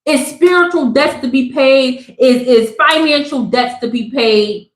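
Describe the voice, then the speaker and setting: Woman tarot reader, live-stream energy, slangy and preachy with jokes, slightly high voice, roomy echo. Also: measured pace. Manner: loud, slangy, preachy and joking. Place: Southern California. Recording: echoey room.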